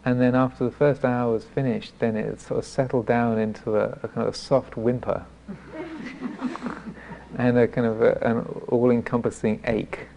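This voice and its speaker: Brief: male monk teacher, mellow and gravelly, telling a wry story on himself, faint hiss behind. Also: mid-range voice, big pitch swings. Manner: self-deprecating storytelling; halting, with frequent restarts. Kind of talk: dharma talk.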